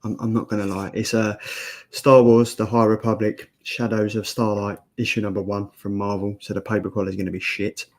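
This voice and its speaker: A man's voice: fairly low pitch, little pitch movement, brisk. A man hosting a casual comics show, jokey and self-mocking, often restarting his sentences. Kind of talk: casual live-stream chat.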